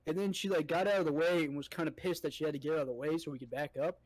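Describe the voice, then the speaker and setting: Young man, slightly high voice, casual storytelling, profane, animated quotes. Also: racing, dry recording, poor audio. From United States. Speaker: podcast co-host.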